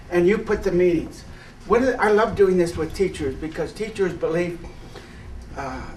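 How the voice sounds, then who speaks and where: A man leads a workshop lecture, lively and full of questions for his listeners. His voice sits high. The room is echoey and he is picked up from a distance, with a faint hiss behind him. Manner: lively, asks the audience rhetorical questions. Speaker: workshop leader. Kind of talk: lecture to a live workshop audience. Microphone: far camera mic, no personal mic.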